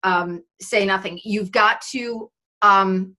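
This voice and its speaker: A woman's voice: medium pitch, steady tone, slow pace, bright, forceful tone. A woman radio host gushing affectionately in a casual interview over a video call.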